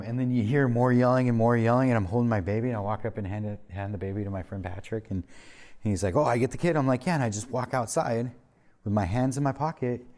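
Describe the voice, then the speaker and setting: A man serving as a pastor, talking with a group in a relaxed way and telling stories from his own life. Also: mid-range voice. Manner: conversational, with restarts and fillers and a quick laugh. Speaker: pastor leading a group discussion. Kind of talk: casual group talk and storytelling.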